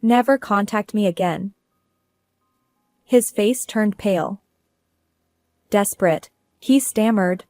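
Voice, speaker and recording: A woman's voice: mid-range voice, slow, long pauses, darkish tone, no room sound. Businesslike woman narrating a story. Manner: cool and businesslike. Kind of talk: first-person story narration.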